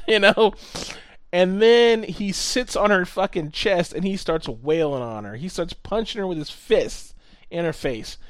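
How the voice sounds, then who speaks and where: A man telling a story in casual chat, animated, swearing often and acting out what people said. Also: high-pitched, no echo.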